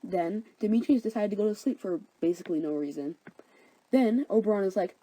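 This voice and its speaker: A woman's voice: medium pitch, brisk, dark tone, rough recording. A young woman narrating a comedic story summary in a chatty, sarcastic, slangy way.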